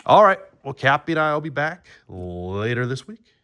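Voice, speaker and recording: A man's voice: medium pitch, very animated, moderate pace, sharp tone, clean tone, dry recording. A man hosting a card-opening video, rambling casually as he reads off player names and talks to his pet. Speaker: card-breaking channel host. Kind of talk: casual pack-opening chat.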